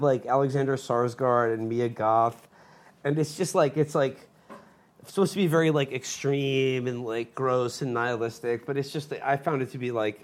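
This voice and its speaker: A man in casual podcast chat, rambling about movies with lots of fillers and laughs. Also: medium pitch.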